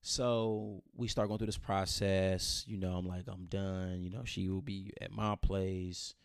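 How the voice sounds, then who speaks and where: A man's voice: low-pitched, a little slow, creaky, smooth, no room sound, studio quality. A man, telling a personal story in casual conversation, repeating phrases and acting out what others said. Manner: animated retelling, quoting others, repeating phrases. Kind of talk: casual chat.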